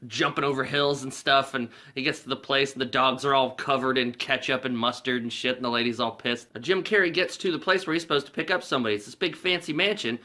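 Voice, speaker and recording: A man's voice: medium pitch, steady tone, quick pace, hardly any pauses, sharp tone. A man hosting a casual movie review vlog, recapping scenes in a rambling, profane way and laughing along.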